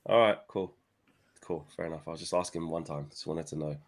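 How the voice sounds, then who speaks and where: A man's voice: a bass voice, fairly quick. A young man, co-hosting a fan livestream, reading out live comments and joking with playful slang. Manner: banterous, playful, uses slang like "my son" and "innit". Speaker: co-host of fan channel livestream.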